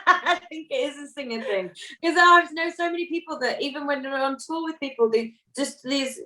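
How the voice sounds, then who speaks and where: A woman's voice: sits high, moderate pace, bright, forceful tone. A woman singer chatting as an interview guest, laughing often and poking fun at herself. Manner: chatty, laughing, self-deprecating. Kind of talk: casual interview chat. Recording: roomy sound, distant from mic.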